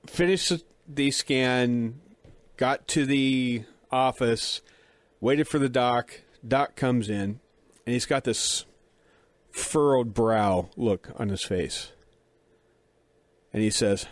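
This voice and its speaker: A man's voice: mid-range voice, takes it slowly, pauses often, dry recording. A middle-aged man with a dry mouth, casually telling a self-deprecating story and acting out the dialogue.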